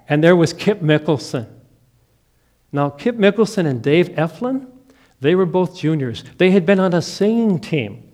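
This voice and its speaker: A middle-aged man from the American Upper Midwest preaching a sermon as a personal story, dropping to a hush and then rising to emphatic lines. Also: fairly high pitch, lively intonation, normal speed. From Upper Midwest of the United States. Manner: dramatic storytelling, swinging from hushed to emphatic. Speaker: pastor.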